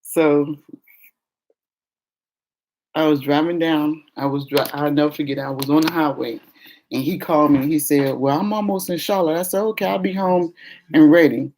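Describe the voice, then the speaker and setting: A woman telling a personal story to her viewers in a casual chat, acting out the quoted voices by pitching up. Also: moderate pace, long pauses. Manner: animated, acts out quoted voices with raised pitch. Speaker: vlogger.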